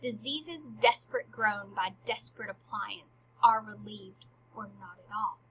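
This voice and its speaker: A woman reading the part of a scheming king in plain verse, in a husky voice. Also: mid-range voice, measured pace, a bit bright, a little hiss or hum. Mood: measured. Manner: reads verse aloud plainly. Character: scheming king, grown man, cold and controlling. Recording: dull lo-fi recording.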